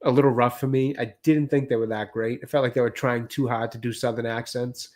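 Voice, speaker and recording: A man's voice: medium pitch, steady tone, a little fast, a little mellow. A man co-hosting a film podcast, giving his view in a hesitant, hedging way. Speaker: podcast co-host. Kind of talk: casual film review chat.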